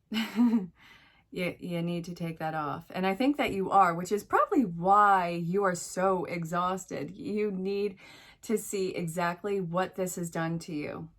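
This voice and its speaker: A woman with a fairly low voice reads tarot cards for an unseen viewer. She speaks directly to "you" in an encouraging, frank way and breaks off into chatty asides to spirit. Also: unhurried, fairly bright tone. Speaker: tarot reader. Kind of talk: solo tarot reading to camera.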